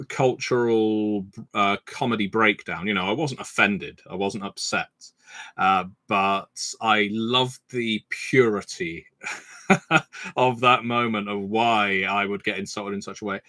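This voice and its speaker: Here the game designer speaks slowly in a lowish, sharp-toned voice, recorded without echo. He's hosting an informal livestream Q&A, going through viewer comments and swapping anecdotes in a chatty style loaded with "uh."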